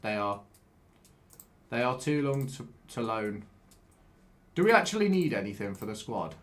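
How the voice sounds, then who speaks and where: A man giving casual live-stream commentary while he plays a game, excitable, swearing and chatting with viewers. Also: mid-range voice, moderate pace.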